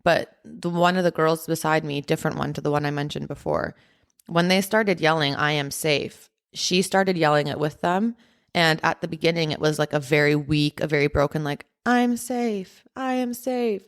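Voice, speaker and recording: A woman's voice: deep voice, fairly even intonation, a little fast. A woman hosting a podcast, casually telling a personal story with lots of "like" and "um" fillers. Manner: chatty, heavy use of "like" and "um" fillers. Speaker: podcast host.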